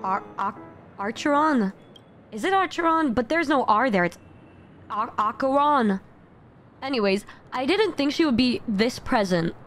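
A young woman streaming a casual game reaction, excitable and quick to shout and laugh, her voice sounding a bit strained. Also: a little high, a little hiss or hum. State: voice often strained. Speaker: VTuber streamer. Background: game music.

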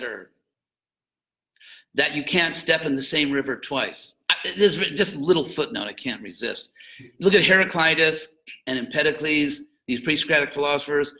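Speaking a little high, an older man gives his students a loose, conversational lecture as a spiritual teacher. He leans on playful asides and lively emphasis, and the recording is rough.

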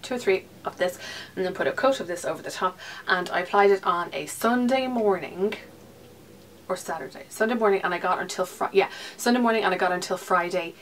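A young woman with an Irish accent chatting casually through her monthly beauty favourites, rambling and slipping into breathy whispered asides. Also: lowish voice, fairly quick. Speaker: beauty vlogger. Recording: slightly distant mic with faint hiss.

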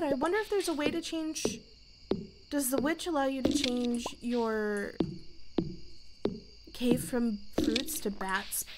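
Slow-talking chatty young woman gamer. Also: a little high, heavy background noise. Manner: chatty, playful, talks to herself. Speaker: gaming youtuber. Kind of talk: casual let's-play commentary.

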